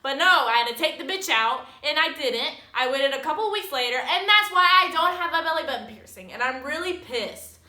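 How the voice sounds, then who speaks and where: A woman's voice: sits high, expressive, a little fast, hardly any pauses, sharp tone. A young woman vlogger telling a casual storytime, chatty and self-mocking, swearing freely and filling her talk with "like". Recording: echoey room.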